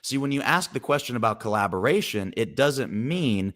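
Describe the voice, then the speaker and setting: A male guest on a live stream, telling a story in an animated way and voicing the characters' lines. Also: medium pitch, normal speed.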